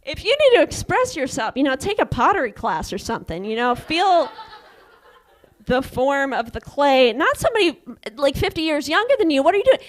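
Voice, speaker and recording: Young woman, stand-up comic, fairly high voice, halting delivery, deadpan punchlines. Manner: halting, filler-heavy storytelling with deadpan punchlines. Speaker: stand-up comedian. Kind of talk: stand-up comedy set.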